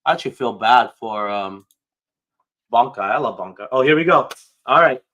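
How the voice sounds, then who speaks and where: A man hosting a casual livestream, excitable and prone to swearing, swinging between hyped outbursts and low mumbling. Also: moderate pace, lo-fi sound. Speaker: livestream host.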